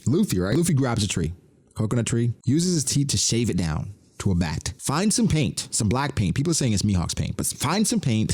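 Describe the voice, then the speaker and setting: A man's voice: mid-range voice, husky. A man hosting a casual podcast, recapping a manga chapter in slangy chat, laughing often and acting out characters' lines. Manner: animated, laughs often, slangy, acts out quotes.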